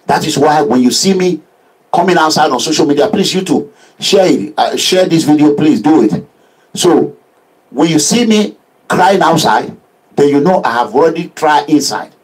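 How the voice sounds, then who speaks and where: Nigerian male activist, raised husky voice, animated and sermon-like delivery. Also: fairly high pitch, normal speed, rough recording. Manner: preachy, animated, uses proverbs. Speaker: political activist. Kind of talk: impassioned social media address.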